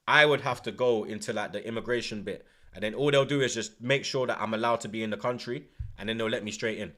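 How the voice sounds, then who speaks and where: Bright, slangy streamer. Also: male voice, mid-range voice. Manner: animated, swears often, heavy slang. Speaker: livestream host. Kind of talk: casual storytelling chat.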